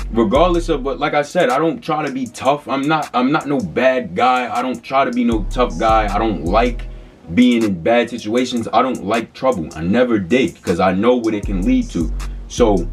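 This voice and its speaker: A man in his twenties telling a story in a casual, slangy, rambling way, full of fillers. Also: mid-range voice. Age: 20s. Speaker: vlogger.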